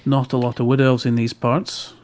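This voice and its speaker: A man voicing a gruff male dwarf blacksmith who talks in a hesitant, folksy way in a tabletop role-play. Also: medium pitch, little pitch movement, moderate pace, a little mellow, close to an everyday voice. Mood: helpful.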